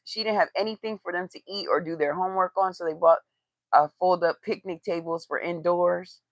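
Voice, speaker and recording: A woman with a fairly low voice tears into someone on a casual livestream, blunt, profane and mocking, her outbursts jumping up in loudness. The sound is dry and close, a little dull and lo-fi. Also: no room sound. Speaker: tarot reader and commentator. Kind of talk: casual livestream gossip commentary.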